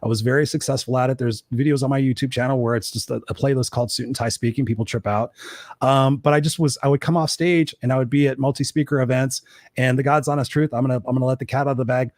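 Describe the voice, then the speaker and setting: A man, an executive coach, talking candidly as an interview guest, a blunt and animated storyteller who swears freely. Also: mid-range voice, fast talker, no echo, studio quality.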